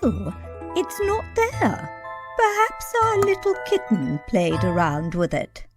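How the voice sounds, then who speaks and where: A woman's voice: mid-range voice, wildly swooping pitch, slow pace, over music, exaggerated voice. A woman voicing a bossy, fussy fairy-tale queen in a cartoon, with a sing-song delivery. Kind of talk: cartoon voice acting.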